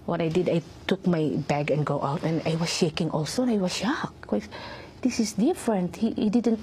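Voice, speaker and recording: A middle-aged woman recounting a personal story in an interview, her voice low-pitched and mellow. She speaks haltingly, restarting and repeating words, and acts out the lines of others. A faint hiss sits under the recording. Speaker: interview guest. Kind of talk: emotional personal testimony.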